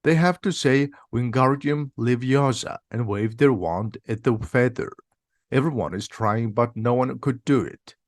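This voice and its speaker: A man narrating a simplified audiobook in a slow, plain, steady reading. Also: medium pitch, dry recording, studio quality. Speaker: reader.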